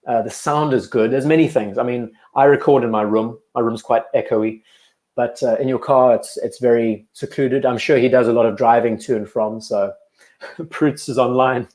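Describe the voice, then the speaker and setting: A man's voice: mid-range voice, normal speed. Young man, South African-English accent, casual live-stream chat, rambling, echoey home room. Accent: blend of South African and English. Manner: relaxed, rambling, answers chat questions between watch remarks. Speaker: watch channel host on a live stream.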